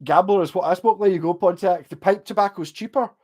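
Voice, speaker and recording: A man's voice: high-pitched, fast, darkish tone. A Scottish man livestreaming, chatting casually with viewers in a loose, digressive way, swearing often. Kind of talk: casual rambling chat.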